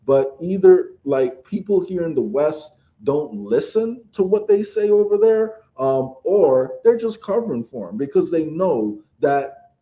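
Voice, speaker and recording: A man's voice: on the high side, sing-song, a little slow, warm tone, lo-fi sound. A man co-hosting a political podcast, talking casually and rambling with lots of fillers. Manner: rambling, many fillers like "like" and "you know". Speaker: podcast co-host.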